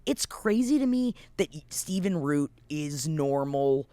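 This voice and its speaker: Podcast cohost rambling excitedly, lots of likes, dry close mic. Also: mid-range voice, measured pace, clear, resonant tone, no room sound. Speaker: podcast co-host. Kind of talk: casual chat.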